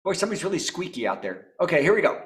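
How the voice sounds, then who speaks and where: High, lively man telling topical jokes. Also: rapid-fire, slight background noise. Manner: jokey, chuckles at his own jokes. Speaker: comedy show host. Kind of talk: topical stand-up jokes over video call. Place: home apartment.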